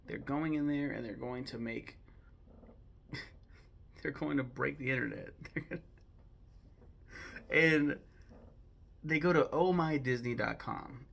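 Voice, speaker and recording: Young man, gravelly mid voice, casual opinionated film commentary, digressive. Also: mid-range voice, fairly bright tone. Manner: chatty, digressive, many ums and self-corrections. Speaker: host ranking films.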